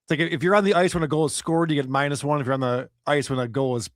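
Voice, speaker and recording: Deadpan male co-host with dry wit. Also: fairly high pitch, fast, no room sound. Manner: deadpan, wry asides. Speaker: podcast co-host. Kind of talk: casual chat.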